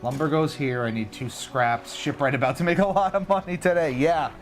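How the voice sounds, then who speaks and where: A man's voice, on the high side and fairly quick, carries casual live commentary on a video game he is streaming, with faint music behind. He's animated and jokey, talking to himself and teasing himself over his mistakes.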